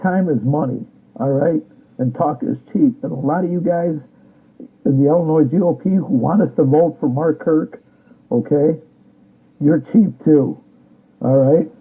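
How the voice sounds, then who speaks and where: A man's voice: fairly high pitch, a little slow, pauses often, breathy edge. A man delivering a combative, repetitive political rant, often ending his sentences with a challenging "all right?". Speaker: political commentator. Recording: tinny phone-like sound.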